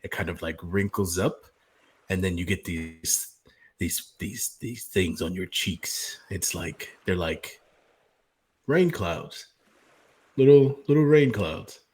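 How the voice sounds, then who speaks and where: A man's voice: low-pitched, takes it slowly. A man voicing a charming, boastful male orc fighter in a tabletop game. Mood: flirty. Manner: smug, flirtatious.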